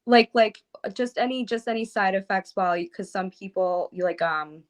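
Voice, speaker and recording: A woman's voice: medium pitch, normal speed. A woman podcast host asking hesitant, rambling questions full of fillers. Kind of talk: casual interview questions.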